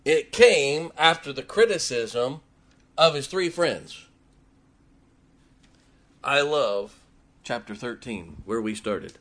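A man's voice: medium pitch, animated, slow pace, long pauses, fairly bright tone. A man preaching a sermon, emphatic and repetitive, his voice rising and falling for effect. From West Virginia. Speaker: pastor.

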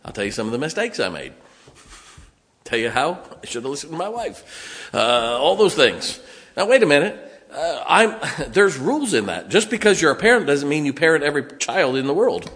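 A man's voice: on the high side, big pitch swings, moderate pace, a bit bright. An older man preaching a sermon as pastor, telling folksy stories in a plain-spoken way and asking the congregation questions. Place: church sanctuary. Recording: long reverb in a church hall.

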